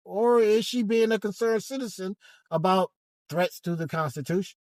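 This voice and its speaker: A man giving a hesitant, halting commentary monologue from inside a car, with frequent restarts. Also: high voice, a little mellow, no room sound. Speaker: vlogger.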